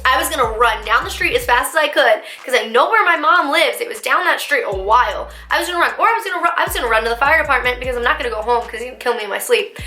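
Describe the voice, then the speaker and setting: A young woman vlogger telling a dramatic story in a lively, animated way. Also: high voice. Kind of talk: storytime vlog. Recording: echoey room.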